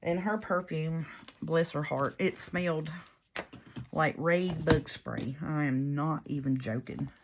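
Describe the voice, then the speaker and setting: Over a noisy background, a woman who makes paper crafts for YouTube talks while working, rambling and poking fun at herself in a chatty, self-mocking way. Her voice sits low and steady, and she takes her time.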